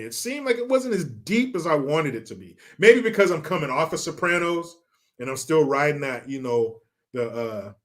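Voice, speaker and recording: Brief: casual American man reading donations, animated rise and fall, jokey and profane. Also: a little high. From United States. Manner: rambling, joking, swears freely. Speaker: live streamer reading donations. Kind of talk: casual chat.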